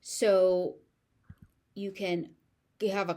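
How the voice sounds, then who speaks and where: A woman with an American accent teaching pronunciation, saying each word several times in a slow, careful drill. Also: medium pitch, flat delivery, mellow. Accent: General American. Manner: repeats each word slowly, syllable by syllable.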